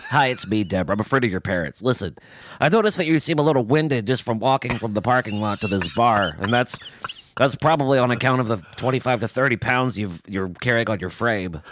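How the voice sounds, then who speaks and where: A man's voice: mid-range voice, lively intonation, a little fast, a bit bright, a little hiss or hum, natural voice. A man voicing a blunt, nosy middle-aged woman who sells insurance and lectures people about their weight.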